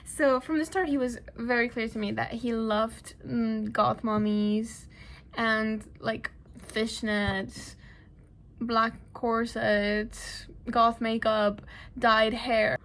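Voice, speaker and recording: A woman's voice: fairly high pitch, level tone, slow pace, fairly bright tone. A young woman whose first language is not English, chatting and ranting casually to camera in a vlog, laughing often and dropping into whispers. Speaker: vlogger.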